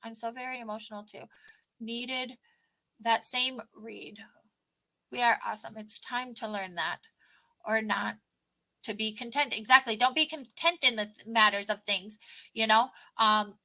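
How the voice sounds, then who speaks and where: A woman with a high, very bright voice gives a casual livestream tarot reading into her laptop. She reads card meanings slowly, then rambles earnestly through her advice to viewers, often restarting and repeating herself. Her tone is sharp and ringing. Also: rough recording. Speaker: tarot reader. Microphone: laptop mic.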